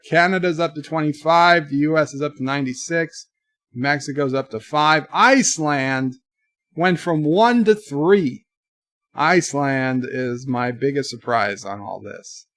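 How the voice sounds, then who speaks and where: A man's voice: medium pitch, vocal fry, a bit bright, dry recording, studio quality. Rambling man hosting a live stream. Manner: rambling, reading chat aloud. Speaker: livestream host. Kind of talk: casual live stream chat.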